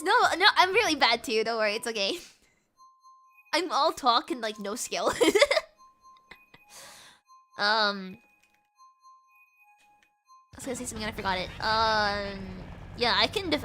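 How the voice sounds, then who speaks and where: A woman's voice: on the high side, pushed and bright. A British woman streaming a racing game, chatting casually with her viewers in a bubbly, giggly, rambling way with lots of fillers. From Britain. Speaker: VTuber streamer. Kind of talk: casual livestream chat while gaming. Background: game music.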